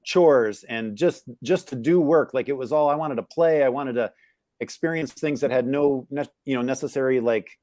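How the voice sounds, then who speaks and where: In a dry recording, a middle-aged man speaks at a moderate pace with a medium-pitched, slightly mellow voice. As a guest on a live interview, he tells reflective personal stories about his upbringing, candid and searching, stumbling through restarts and fillers.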